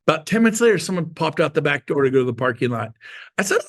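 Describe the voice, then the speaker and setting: Gravelly, animated male sales speaker. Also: a little high, fast talker. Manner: animated storyteller acting out dialogue; punchy, playful, folksy. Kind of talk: storytelling talk to an audience.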